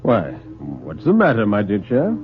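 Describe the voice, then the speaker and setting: A man voicing a cool, scheming older male host who talks in a suave, measured way. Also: lowish voice, wildly swooping pitch, over music. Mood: smooth. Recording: tinny old radio broadcast.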